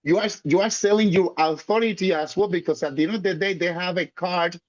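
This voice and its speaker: A man's voice: sits high, steady tone, a little fast, no echo, highs cut off. A man on a group video chat as a guest panelist, emphatic and stumbling over repeated words. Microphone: video call.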